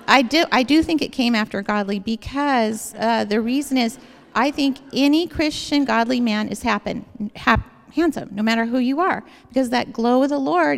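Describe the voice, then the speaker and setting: A woman with a high, creaky voice gives a personal faith testimony to an audience, telling her story in an earnest, rambling way. The large hall adds long reverb.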